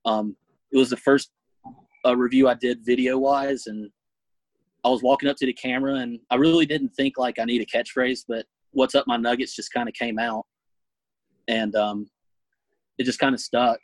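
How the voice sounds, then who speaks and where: A young man being interviewed about his food reviews, speaking earnestly and haltingly, with lots of fillers. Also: mid-range voice, steady tone, dry recording, poor audio. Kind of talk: casual interview.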